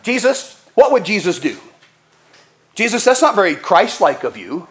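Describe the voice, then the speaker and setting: A man's voice: high-pitched, very animated, normal speed. A male preacher voicing an exasperated biblical woman, Martha, who scolds Jesus in a whiny, accusing tone.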